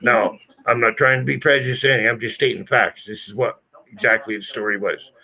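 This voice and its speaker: A man's voice: medium pitch, steady tone, fast talker, creaky, sharp tone. A man telling a story to friends in a blunt, profane, emphatic way. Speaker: channel host telling a story. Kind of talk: casual storytelling.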